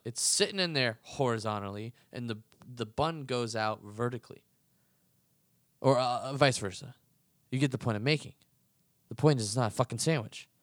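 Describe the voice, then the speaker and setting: A man's voice: a little high, fairly bright tone, no echo, clean studio sound. A young man hosting a podcast, arguing heatedly and profanely in a casual ranting monologue. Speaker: podcast host.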